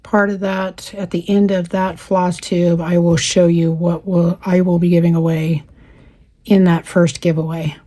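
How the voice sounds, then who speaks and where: A woman's voice: on the low side, little pitch movement, a little slow. A woman in her fifties with a slightly worn voice, hosting a casual craft chat, reading viewer comments aloud and laughing often. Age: 50s. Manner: chatty and warm, laughs often. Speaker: craft channel host.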